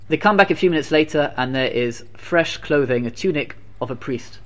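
A man teaching a religious lesson as a story, animated and emphatic, often repeating his phrases. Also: on the high side, a little fast, hardly any pauses. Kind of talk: storytelling sermon.

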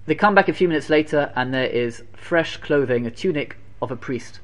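A man giving a sermon, telling a story with animated repetition and Hebrew and Yiddish terms sprinkled in. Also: fairly high pitch, normal speed. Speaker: preacher telling a Torah story.

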